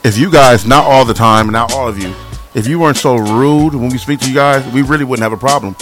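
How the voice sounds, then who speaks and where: A man's voice: medium pitch, brisk, soft background music. A man co-hosting a talk show, debating in casual chat and acting out other voices as he argues. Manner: animated, acts out other voices while arguing.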